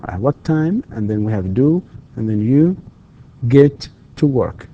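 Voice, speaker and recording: A man's voice: mid-range voice, lively intonation, unhurried, dull audio, a little hiss or hum. A man giving a university English lecture, switching between explanations and English example questions. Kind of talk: recorded distance-learning lecture.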